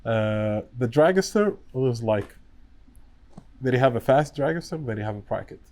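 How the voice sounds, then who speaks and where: A man's voice: mid-range voice, animated, unhurried, a little mellow. A man chatting casually as a podcast guest, in broken English that is not his first language, talkative and peppered with "you know". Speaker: guest, wiring business owner.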